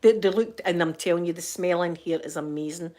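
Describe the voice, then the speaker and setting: A woman's voice: fairly low pitch, fairly quick, mellow. An older woman with a Scottish accent chatting casually to her viewers at home. She rambles through stories with frequent laughter and fond asides. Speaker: vlogger. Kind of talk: casual chat to camera.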